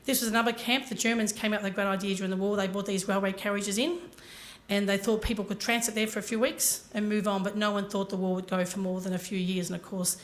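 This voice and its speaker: A woman's voice: medium pitch, steady tone, quick pace. A woman giving a motivational talk to a conference audience, telling her story earnestly and speaking directly to the listeners. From Ireland.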